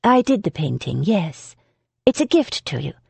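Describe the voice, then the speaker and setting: A woman's voice: fairly low pitch, very animated, moderate pace, vocal fry, husky, no echo, heavily acted. A woman voicing a composed, defiant young heroine who speaks coolly and firmly. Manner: cool and firm, gentle.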